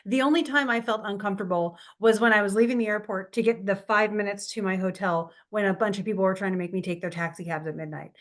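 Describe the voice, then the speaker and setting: A woman's voice: mid-range voice, fast, few pauses. Woman, podcast co-host, casual chat, earnest, heartfelt, emphatic.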